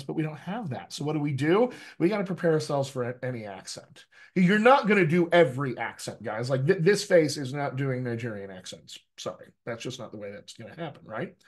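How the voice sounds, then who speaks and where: A middle-aged man, a dialect coach, talking energetically to a group and checking in with "right?" as he goes. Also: mid-range voice. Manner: lively, addresses the group directly, frequent "right?" tags. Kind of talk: energetic workshop talk.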